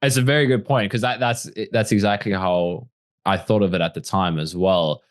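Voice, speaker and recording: Reflective man with a low, dry voice. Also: moderate pace, dry recording. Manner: reflective, many "like" fillers, animated when recounting. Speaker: guest. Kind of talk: casual conversational interview.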